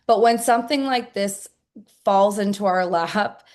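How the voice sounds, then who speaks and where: A woman's voice: medium pitch, unhurried, a little mellow. A woman interviewed as a network marketer, answering earnestly and chattily with many "like"s and "I mean"s.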